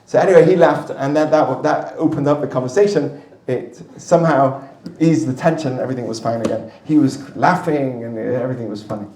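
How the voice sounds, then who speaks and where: A male rabbi teaching a class with a live audience, chatty and storytelling, with quick asides to the listeners. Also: mid-range voice, warm tone. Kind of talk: lively classroom teaching with anecdotes. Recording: roomy distant mic in a hall.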